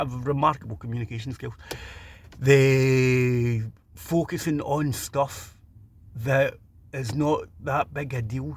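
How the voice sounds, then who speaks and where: Scottish man, middle-aged, blunt opinionated rant, gravelly voice, repeated restarts. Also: medium pitch, slight background noise. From Scotland. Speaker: vlogger. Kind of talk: opinionated monologue.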